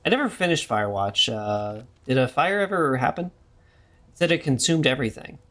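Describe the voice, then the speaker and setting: A man's voice: mid-range voice, expressive, moderate pace, a bit bright. A young man streaming a horror game live, joking and rambling as he reads the game's text aloud. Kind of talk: live gameplay commentary.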